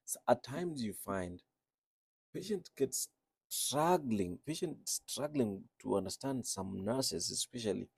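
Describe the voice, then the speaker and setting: Gravelly, husky man, earnest and low. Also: lively intonation, takes it slowly, no echo. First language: not English. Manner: earnest, repeats phrases for emphasis. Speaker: registered nurse. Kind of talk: reflective talk on speaking with an accent.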